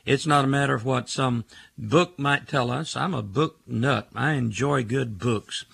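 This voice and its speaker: A deeply gravelly, husky older man preaching on a call-in radio show. He hammers his points home by stacking words in rhythmic, emphatic lists. His delivery stays firmly in a preacher's cadence. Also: fairly bright tone, no room sound.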